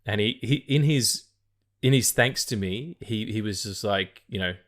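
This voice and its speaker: A man's voice: fairly low pitch, moderate pace, a bit bright. A man with an Australian accent hosting a podcast, rambling and swearing freely as he chats. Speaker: podcast host. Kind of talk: casual chat.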